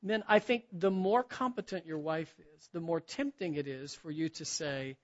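A man's voice: on the high side, moderate pace. A middle-aged man preaching to men in a church, telling self-deprecating stories with easy humor. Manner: self-deprecating storytelling with frequent laughs. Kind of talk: sermon to a men's gathering. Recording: dull lo-fi recording.

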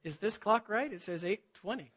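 This middle-aged man's voice sits high, expressive and fairly bright, slightly rough, at a moderate pace. Preaching to a men's gathering in church, he tells self-deprecating stories with easy humor and lots of laughter, heard through a dull lo-fi recording.

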